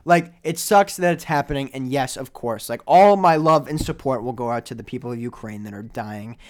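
A young man co-hosting a casual podcast chat, rambling through stories with lots of fillers and sudden drops and rises in loudness. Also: mid-range voice, fairly quick. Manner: rambling, filler-heavy storytelling with big swings in loudness. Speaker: podcast co-host.

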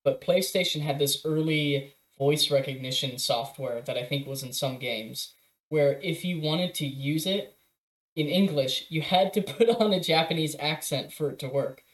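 A young man co-hosting a casual podcast, relaxed, chuckling and restarting his sentences. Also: a little high, moderate pace. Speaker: podcast co-host. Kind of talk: casual chat. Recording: roomy echo.

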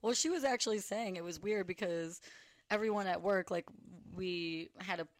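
A woman in her thirties hosting a podcast, bantering quickly and laughing often. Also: fairly low pitch. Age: 30s. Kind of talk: casual chat.

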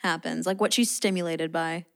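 A woman's voice: fairly low pitch, fairly even intonation, moderate pace, creaky. A young woman co-hosting a podcast in casual, playful chat, cheering on her co-host.

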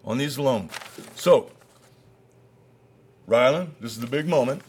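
A man preaching a sermon as pastor, folksy and conversational, swinging between loud emphasis and quiet asides. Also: mid-range voice, animated, a little slow, a little hiss or hum.

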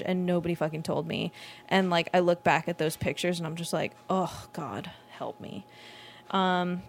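Woman in her twenties, solo podcast host, casual rambling chat, frequent laughter, lots of swearing, slightly low voice. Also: a little hiss or hum. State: lightheaded from not eating.

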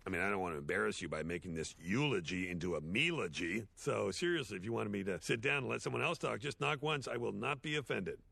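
A man voicing a washed-up male horse sitcom star, giving a rambling, sardonic, self-deprecating eulogy in an animated series. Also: fairly low pitch, fast talker, vocal fry, hardly any pauses, no room sound, full character voice. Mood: awkward. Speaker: eulogy speaker. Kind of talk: animated series dialogue, comic monologue.

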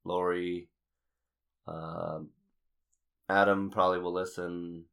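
Man, very low voice, podcast host, casual chat, halting restarts, many fillers. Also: little pitch movement, creaky, fairly bright tone.

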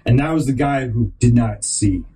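A man's voice: mid-range voice, normal speed, husky, poor audio. A man hosting his own podcast, telling a rambling personal story, often restarting sentences and acting out other people in raised voices. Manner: animated, acts out quoted people in raised voices. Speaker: podcast host.

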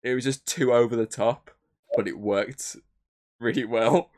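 A man's voice: mid-range voice, steady tone, measured pace, a crowd in the background. A man co-hosting a podcast, chatting casually, rambling with lots of filler words and swearing. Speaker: podcast co-host. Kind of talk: casual chat.

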